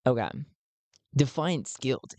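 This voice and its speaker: A man's voice: medium pitch, measured pace, a little mellow, no echo. A man narrating his solo tabletop role-playing game, rambling and laughing at his own jokes.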